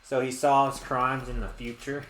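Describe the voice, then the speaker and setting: A man's voice: medium pitch, flat delivery, unhurried, fairly bright tone. A man playing a co-op game with a friend, chatting in an offhand, laid-back way with casual swearing. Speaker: co-op player. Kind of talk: casual co-op gameplay commentary. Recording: echoey room, faint game music.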